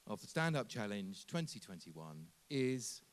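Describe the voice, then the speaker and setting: A man presenting comedy awards, ad-libbing and pausing between announcements. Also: lowish voice, very animated.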